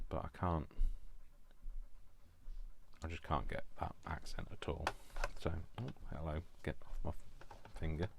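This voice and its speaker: A man hosting a live crafting demonstration from home, chatting in a rambling, self-deprecating way with many fillers. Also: deep voice. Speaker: craft video host.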